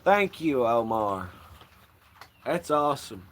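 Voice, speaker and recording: Slow-talking man on a livestream. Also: mid-range voice, sing-song. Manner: rambling, profane, laughs often. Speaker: livestream host. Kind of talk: casual livestream chat.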